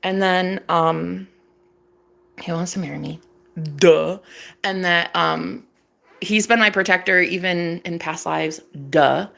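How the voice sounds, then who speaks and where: A young woman talks straight to camera with a bright, sharp edge to her voice. She is sassy and dramatic, swears freely and swings between gossip and bold declarations. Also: fairly low pitch, fairly even intonation, slow pace, gravelly. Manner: sassy, profane, dramatic storytelling. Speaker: vlogger. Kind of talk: casual chat to camera.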